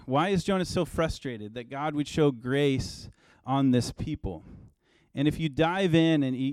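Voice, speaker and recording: A man in his thirties, a pastor giving a relaxed, conversational sermon with personal stories. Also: fairly high pitch, smooth, no echo.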